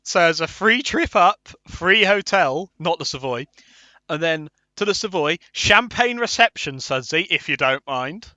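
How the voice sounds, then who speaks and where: Bright-voiced man bantering. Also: a little high, expressive, unhurried, no echo. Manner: loud, laughing, puts on posh voices. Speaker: podcast co-host. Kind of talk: casual banter.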